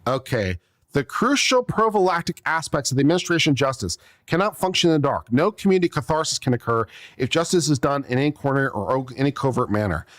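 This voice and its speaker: Sarcastic, exasperated legal commentator. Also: male voice, mid-range voice, animated, fast talker, dry recording, studio quality. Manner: sarcastic, exasperated, acts out little scenes. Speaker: attorney commentator.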